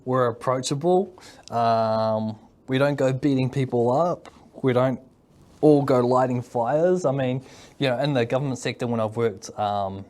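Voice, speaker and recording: A man's voice: mid-range voice, a little mellow, slight background noise. Kiwi guy chatting loose in an interview, rambly, tacks "eh?" on everything. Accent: New Zealand. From New Zealand. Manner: rambling, full of fillers and "eh?" tags. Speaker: mental health worker, guest. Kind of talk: casual interview chat.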